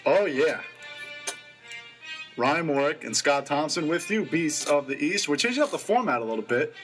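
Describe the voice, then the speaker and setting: A young man co-hosting a college radio sports show, rattling off stats quickly and eagerly. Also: a little high, lively intonation, fairly bright tone, faint music behind. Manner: quick, stat-heavy, enthusiastic.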